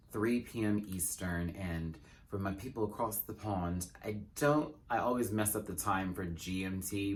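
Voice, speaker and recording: A man hosting his own review channel, talking in a sassy, expressive way full of drag slang and phrasing, in a casual rant. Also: fairly low pitch. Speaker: YouTube reviewer. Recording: faint background noise.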